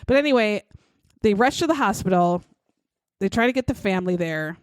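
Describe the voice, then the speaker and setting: Woman co-host, mid-pitched, blunt and profane, acts out quotes; dry, close recording. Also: lively intonation, a little fast, no room sound. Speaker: podcast co-host. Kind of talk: casual true-crime chat.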